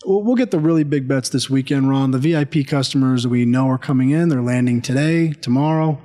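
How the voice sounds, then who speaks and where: A man's voice: mid-range voice, fairly quick, mellow. A man co-hosting a sports betting podcast, explaining line moves analytically with dry jokes. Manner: analytical, dryly joking. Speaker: sportsbook executive, co-host. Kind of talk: casual sports betting chat.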